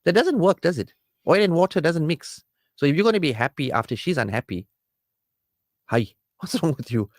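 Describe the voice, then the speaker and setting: A man hosting a radio counselling show, giving marriage advice in an animated, preachy way and acting out quarrelling spouses. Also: a little high, moderate pace, long pauses, no echo, studio quality. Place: radio studio.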